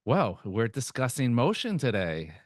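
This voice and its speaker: A man's voice: medium pitch, wildly swooping pitch, unhurried, dry recording, studio quality. A man hosting a live talk in an event space, upbeat, jokey and informal. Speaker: event host.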